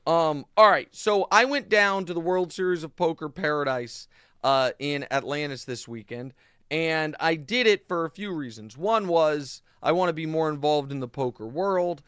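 A man hosting his own podcast, telling a story in a casual, animated monologue full of fillers and asides. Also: a little high, clean tone, dry recording, studio quality. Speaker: podcast host.

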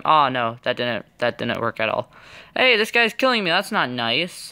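Excitable young man narrating gameplay. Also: mid-range voice, moderate pace. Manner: excitable, playful trash talk. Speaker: gaming channel host. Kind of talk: casual gameplay commentary.

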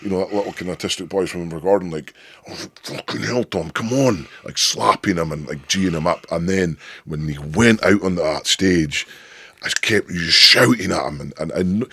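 A Scottish man in his thirties with a deep voice, a guest telling stories in a rambling, sweary, emphatic way. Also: brisk, pushed and bright, husky, dry recording. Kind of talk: casual interview chat.

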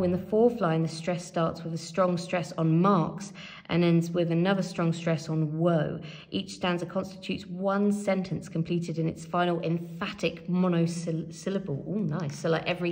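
Low, gravelly-voiced woman teacher thinking aloud. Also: a little mellow. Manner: thinks aloud, reads from a help sheet, many fillers. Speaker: English teacher. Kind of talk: revision tutorial while writing.

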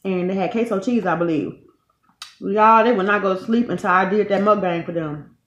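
A woman's voice: medium pitch, a little fast. A woman in her thirties hosting a casual eating video, chatting in a folksy way and talking straight to her viewers. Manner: chatty, folksy, keeps calling viewers "y'all". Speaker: channel host, mother. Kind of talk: casual mukbang chat to viewers. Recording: echoey room, dull lo-fi sound.

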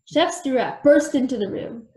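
A woman reading a children's book aloud with expressive storybook narration. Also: high-pitched, normal speed, reverberant. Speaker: storytime reader.

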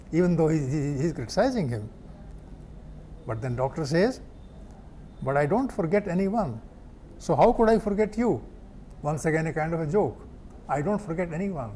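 A man giving a literature lecture, explaining slowly with many fillers and restarts. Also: on the high side, dark tone, slight background noise. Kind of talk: academic lecture.

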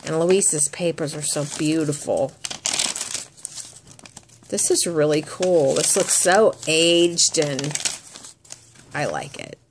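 Woman, crafting vlogger, casual chat, slow unhurried delivery, admiring and chatty. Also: low voice, lively intonation, noisy background.

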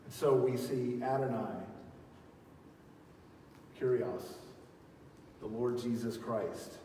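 A man preaching a sermon as pastor, swinging from loud calls to quiet teaching and leading his congregation in call-and-response. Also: medium pitch, slow pace, slight background noise. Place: large church hall. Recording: echoey hall, voice from far off.

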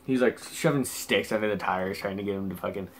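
A brisk, lower-voiced young vlogger rambles his way through a casual anecdote, cursing heavily and leaning on "like" as a filler.

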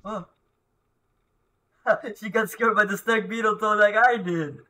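A young man talks his way through a horror game, reading text aloud and yelping whenever something startles him. His voice sits high for a man, with a bright, sharp edge. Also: steady tone, unhurried, low-quality recording. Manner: jumpy, yelps and shouts at scares. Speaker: gameplay commentator.

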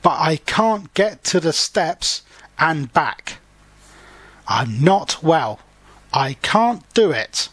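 Man reading grumpy, breathless older male mouse, slow and unhappy, storybook. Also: fairly high pitch, expressive, a bit bright, no echo, full character voice. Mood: cross. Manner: panting, weary complaints. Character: older male mouse, tired, unwell, grumbling.

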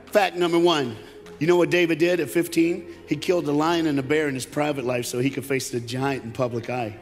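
A man from Tennessee with a Southern accent, preaching an energetic conference sermon with jokes and call-and-response. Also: on the high side, a little fast. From Knoxville, Tennessee. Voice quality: animated, joking, call-and-response. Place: large conference hall. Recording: live hall with long reverb and faint music.

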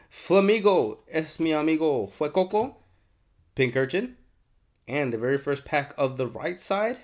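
A young man hosting a card unboxing, chatting casually with lots of swearing and bursts of excitement, congested and sniffly. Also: mid-range voice. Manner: profane, excitable, rambling. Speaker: card unboxing channel host.

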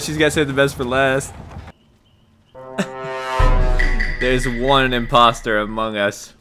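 A young man giving casual, jokey commentary over a video game, reacting loudly to big moments. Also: mid-range voice, slow, long pauses, faint music behind. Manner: excitable, jokey, shouts and laughs at big plays. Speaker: gaming YouTuber.

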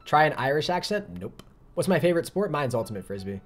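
A man's voice: a little high, big pitch swings. A young man chatting casually on his gaming live stream, reading out viewer messages. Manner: fast, chatty, reads viewer messages aloud.

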